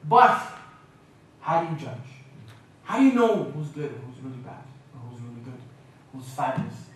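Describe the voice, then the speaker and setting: A man from Canada giving a humorous, lively lecture at a university, with playful impressions of accents. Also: medium pitch, normal speed. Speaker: guest speaker. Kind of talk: lecture with jokes. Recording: echoey hall, mic from a distance.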